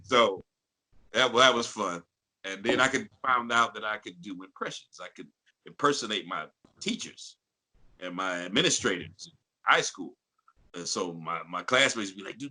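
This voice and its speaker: A man in his fifties from St. Louis speaks low, yet his voice has a strikingly bright, cutting edge. He tells stories loosely and with animation, slipping into impressions. His voice sits in a deep bass register. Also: poor audio. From St. Louis, Missouri. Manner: animated storyteller who breaks into impressions and laughs. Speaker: guest voice actor. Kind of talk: casual interview storytelling.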